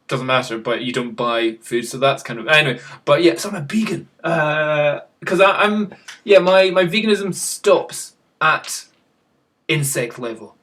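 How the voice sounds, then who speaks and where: Guy vlogging off the cuff, bit higher voice, rambly and jokey about himself. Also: fairly bright tone. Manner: rambling, self-mocking, with chuckles. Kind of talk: casual chat to camera.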